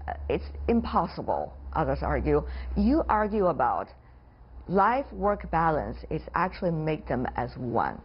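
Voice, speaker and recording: A woman's voice: low-pitched, big pitch swings, a little slow, husky, highs cut off. A woman hosting a television interview show, asking questions and signing off in a poised, formal manner. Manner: poised, formal, non-native phrasing. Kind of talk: broadcast interviewing and sign-off.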